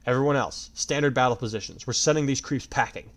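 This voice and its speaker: A man's voice: medium pitch, quick pace, close to an everyday voice. A man voicing a stern, commanding young swordsman leading his friends.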